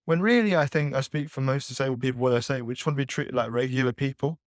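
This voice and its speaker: A man giving thoughtful, conversational answers as a podcast guest, pausing to find his words. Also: mid-range voice, no echo, studio quality. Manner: thoughtful, with frequent fillers and restarts.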